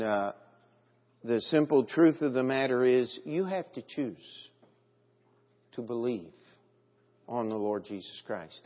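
A man preaching an evening sermon in an earnest, emphatic way, reading scripture aloud. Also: mid-range voice. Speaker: pastor. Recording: dull audio with long church reverb.

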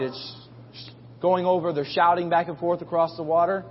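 A man's voice: high-pitched, steady tone, fairly quick. A man preaching a sermon as a pastor, telling the story in a casual, folksy way and acting out voices. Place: church. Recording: muffled recording in a reverberant hall.

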